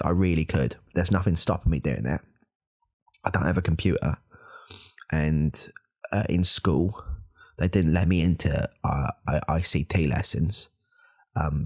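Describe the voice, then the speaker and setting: Man playing a hushed, gravelly alpha podcaster. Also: heavily acted. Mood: rambling. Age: 30s. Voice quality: gravelly, husky low voice. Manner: hushed, rambling, self-correcting. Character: self-important male alpha podcaster, insecure and rambling. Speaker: podcast host. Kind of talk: whispered role-play.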